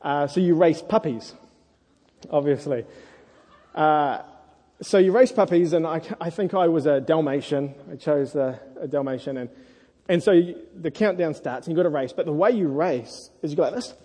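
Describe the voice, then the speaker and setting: Male preacher, earnest sermon, dark mellow voice, long hall reverb. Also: on the high side, normal speed, breathy edge. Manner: earnest, animated storytelling. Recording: echoey hall.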